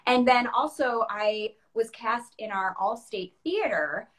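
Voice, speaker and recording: A woman from Chicago, a guest opera singer, telling her story in a casual interview. She talks in an animated way, acting out her past self in quotes and laughing often. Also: fairly high pitch, takes it slowly. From Chicago, USA.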